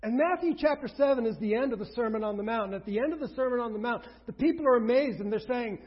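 A pastor preaching a sermon, emphatic, with rhetorical questions, swinging between loud and hushed. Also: male voice, extremely high pitch, fast, husky. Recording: reverberant hall, dull lo-fi sound.

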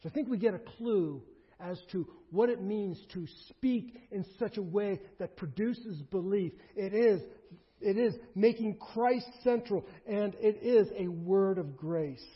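A man preaching a sermon as a pastor, emphatic and rising to forceful peaks. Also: high-pitched, a little slow. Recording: dull lo-fi sermon recording.

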